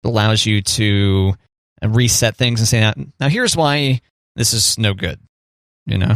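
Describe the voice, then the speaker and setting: A man's voice: lowish voice, a little slow, fairly bright tone, no room sound, clean studio sound. A man co-hosting a podcast, chatting casually and cracking playful jokes. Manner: joking, playful. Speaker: podcast co-host. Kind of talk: casual chat.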